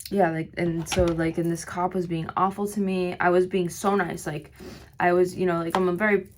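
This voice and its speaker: Woman doing her makeup on camera, kinda hoarse, lots of likes and restarts, low-ish voice. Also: little pitch movement, normal speed, a little hiss or hum. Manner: rambling, filler-heavy storytelling. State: slightly hoarse. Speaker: vlogger. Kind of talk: get-ready-with-me storytime.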